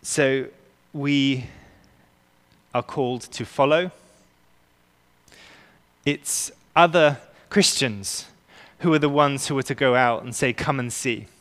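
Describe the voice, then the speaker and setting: A man preaching a sermon as pastor, earnest and emphatic, slowing down to stress key words. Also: medium pitch, a bit bright. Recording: long reverb of a large hall.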